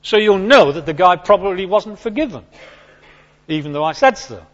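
Man, sermon, emphatic, swooping pitch, muffled lo-fi sound. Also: moderate pace. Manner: animated, emphatic, repeats key points. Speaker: preacher.

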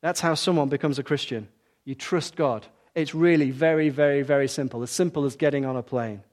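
A man's voice: medium pitch, fairly even intonation, fairly quick, darkish tone. Earnest older male preacher. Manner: earnest, repetitive emphasis. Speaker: pastor. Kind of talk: sermon.

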